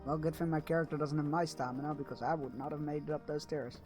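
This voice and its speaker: Higher-voiced man streaming a game. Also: fairly even intonation, music in the background. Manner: reads quest dialogue aloud, breaking off with quick reactive asides. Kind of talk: casual gameplay commentary.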